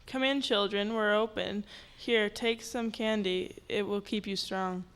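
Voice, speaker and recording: A woman's voice: medium pitch, fairly even intonation, unhurried, fairly bright tone, clear, resonant tone. A woman reading as a sly old candy-shop witch. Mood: coaxing. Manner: coaxing, then snarling. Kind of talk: live story reading.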